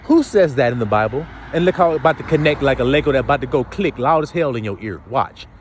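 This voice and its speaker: A man delivers a blunt, profane sermon, firing question after question at his listeners. His pitch leaps high and drops low as he builds each point. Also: lively intonation, quick pace, a little hiss or hum. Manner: blunt, profane street preaching with rhetorical questions. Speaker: preacher.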